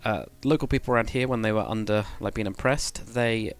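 A man's voice: on the low side, steady tone, fairly quick, clean tone, faint music behind. A man chatting casually to viewers on a live stream, rambling and correcting himself as he goes. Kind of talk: casual live-stream chat while building.

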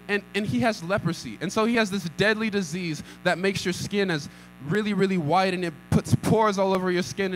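A man's voice: high voice, a bit bright, a little hiss or hum, rough recording. A young man preaching a sermon, repeating lines and calling for responses. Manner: acts out scripture with rising intensity. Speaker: pastor.

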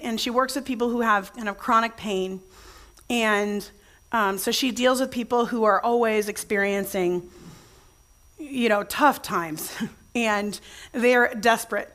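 A woman's voice: medium pitch, a bit bright. A woman pastor giving a conversational sermon to her church, telling stories with many restarts and asking the congregation questions. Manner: chatty storytelling with frequent restarts, addresses the congregation directly.

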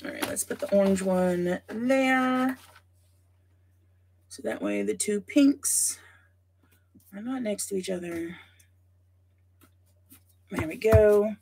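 A woman's voice: mid-range voice, slow, vocal fry, long pauses, darkish tone. A woman hosting a casual scrapbooking livestream, chatting with viewers by name and thinking aloud as she works. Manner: chatty, talks to viewers by name while working; thinks aloud with frequent asides. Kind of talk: casual livestream chat while crafting.

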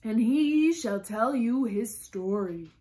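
Woman putting on a shouting, furious queen. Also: fairly high pitch, expressive. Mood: bossy. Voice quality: loud, slow, shouting. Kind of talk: storybook read-aloud.

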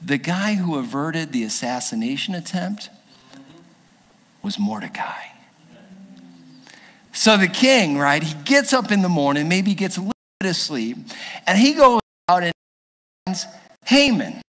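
A man's voice: on the high side, sing-song, a little slow, long pauses, fairly bright tone. A male pastor giving a humorous, storytelling sermon in a church. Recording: echoey church hall.

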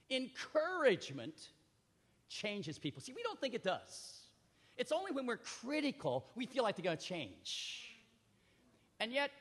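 A man preaching a sermon, reading scripture and speaking emphatically, often asking the audience questions. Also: very high-pitched. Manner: emphatic, dramatic swings in loudness; addresses the audience directly with questions. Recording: reverberant hall.

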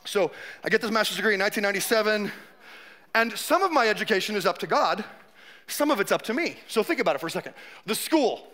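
Bright, high-voiced joking preacher man. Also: lively intonation, fast talker. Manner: conversational, joking, acts out quotes. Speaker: pastor. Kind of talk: sermon.

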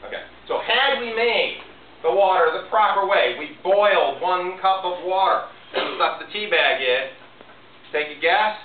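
A man's voice: sits high, animated, unhurried, narrow, tinny audio. A man giving a chatty science lesson, quizzing the audience as he goes. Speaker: science teacher. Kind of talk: classroom demonstration talk. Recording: echoey room, distant thin mic, faint hiss.

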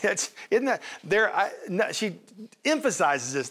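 A man with a somewhat high-pitched voice teaches from the Bible on a TV talk show. His delivery is emphatic and folksy, full of asides to his wife beside him. He sounds like a preacher at ease in his own studio. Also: big pitch swings, normal speed, a bit bright. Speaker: pastor and TV show co-host.

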